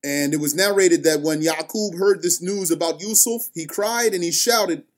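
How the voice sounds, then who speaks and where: A man telling a religious story, reciting scripture, then explaining it line by line in a slow, deliberate manner. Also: fairly high pitch.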